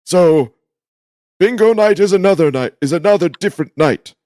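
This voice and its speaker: A man playing a tabletop game who speaks in slow, rambling, drawn-out in-character speech. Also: high-pitched, lively intonation, mellow. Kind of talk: tabletop role-play.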